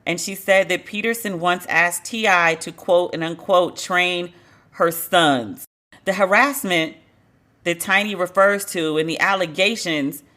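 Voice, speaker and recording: A woman with a bright, forceful voice hosts a gossip podcast. She talks bluntly and wryly, drops casual swear words and laughs at her own asides. Her pitch sits at an ordinary middle level. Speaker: podcast host.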